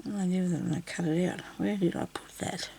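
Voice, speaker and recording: A woman's voice: fairly low pitch, steady tone, brisk, creaky, warm tone, slight background noise. A woman with an Australian accent giving a casual craft tutorial at her craft table. She rambles and mutters to herself while she works. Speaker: craft video host.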